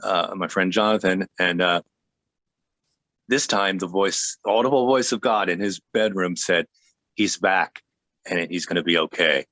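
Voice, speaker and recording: Earnest low-voiced man telling his story. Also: a bit bright, no room sound. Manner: earnest, halting, with many restarts. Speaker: guest. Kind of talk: telling a personal faith story.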